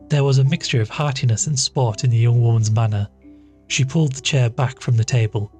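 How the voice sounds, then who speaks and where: A man reading a classic story aloud as storyteller, in a measured, steady manner. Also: mid-range voice. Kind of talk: scripted narration of a classic story. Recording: faint background music.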